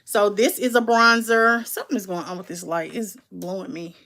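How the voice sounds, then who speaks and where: A woman's voice: mid-range voice, steady tone, moderate pace, gravelly, fairly bright tone. A woman, chatting casually and candidly as she unboxes and reviews makeup, calling her viewers "baby" and "y'all". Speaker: beauty vlogger.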